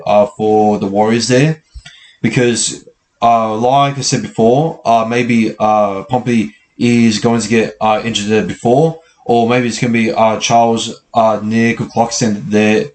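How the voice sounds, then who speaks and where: A man giving a casual rugby league preview, talking haltingly with a stutter and many fillers. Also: fairly low pitch. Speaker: rugby league fan commentator. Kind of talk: casual pre-match preview.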